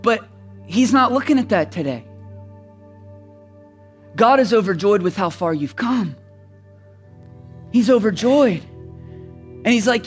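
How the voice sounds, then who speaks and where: A man preaching a sermon as a pastor, swinging from shouted emphasis to hushed, intimate passages. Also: high-pitched, lively intonation, takes it slowly, long pauses, soft background music.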